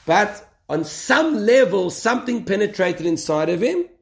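A man's voice: high-pitched, very animated, measured pace, gravelly. A man giving a rousing Torah talk as a rabbi, asking rhetorical questions and answering them himself.

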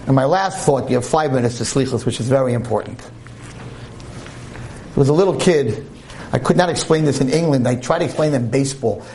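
A man giving a sermon to an audience in a room, animated and humorous as he tells a story. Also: mid-range voice, a little fast, a little hiss or hum. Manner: animated and humorous, with shifts in volume.

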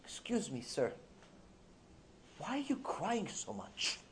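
A nosy, stubborn American man, put on by a man telling a story, asking again and again and refusing to drop it. He is somewhat quieter than the narration, but the voice is still high. It is a light, everyday character voice. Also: very animated, moderate pace, slight background noise. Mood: prying. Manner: persistent, prying, quieter.

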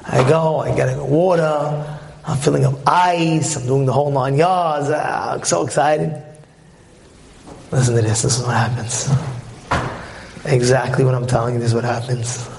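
A man giving an animated lecture on marriage as a religious teacher, telling stories and asking rhetorical questions. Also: mid-range voice, moderate pace, vocal fry, long pauses, slight background noise.

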